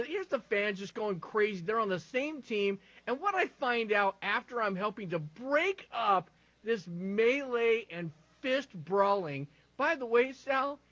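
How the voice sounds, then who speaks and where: A man co-hosting a sports talk show, telling animated stories with lots of stumbling restarts. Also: sits high, dry recording, lo-fi sound.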